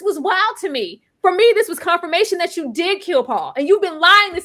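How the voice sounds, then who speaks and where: A woman co-hosting a TV review show in casual chat, animated and exclaiming, laughing and bursting into near-yells as she reacts. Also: very high voice, normal speed, few pauses. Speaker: TV review podcast co-host.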